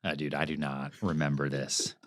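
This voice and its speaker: A man in his thirties, a podcast guest who chats bluntly and tells stories with animated bursts. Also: a bass voice, dry recording, clean studio sound. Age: 30s. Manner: blunt, animated storyteller who talks in quick runs. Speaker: guest, real estate broker. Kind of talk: casual conversation. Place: podcast recording.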